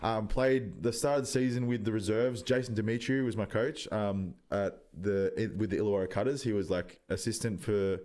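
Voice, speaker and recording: Deep-voiced young Australian man, casual yarn. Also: fairly even intonation, moderate pace, hardly any pauses, darkish tone. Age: 20s. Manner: loose storytelling, heavy swearing, many ums. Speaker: podcast guest, rugby league player. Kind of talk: casual podcast chat.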